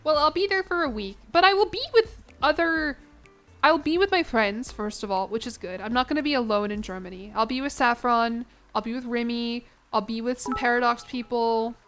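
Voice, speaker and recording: A woman's voice: fairly high pitch, fairly quick, fairly bright tone, soft background music. A young woman streaming a game, rambling and giggling as she chats with her viewers. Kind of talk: casual chat to a live chat.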